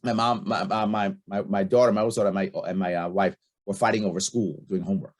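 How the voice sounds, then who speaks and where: A man's voice: low-pitched, steady tone, fast. A middle-aged man speaking as a guest in a casual podcast interview, blunt and emphatic, repeating his key points. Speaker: podcast guest, libertarian candidate.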